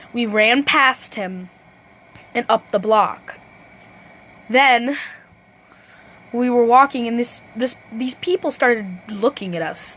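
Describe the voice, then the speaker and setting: A teenage girl telling a storytime vlog, rambling and restarting sentences, often saying "low-key.". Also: fairly bright tone, slight background noise, rough recording. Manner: self-correcting, restarts sentences. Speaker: vlogger.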